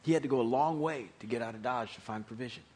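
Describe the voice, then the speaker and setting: Animated storytelling preacher man. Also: mid-range voice, fast. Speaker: pastor. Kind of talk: sermon.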